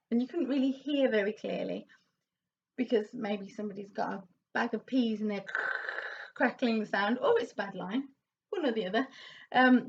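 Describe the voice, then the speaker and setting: A woman vocal coach leading a warm-up lesson, counting in and demonstrating exercises with encouraging remarks. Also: fairly high pitch, muffled recording, a little hiss or hum.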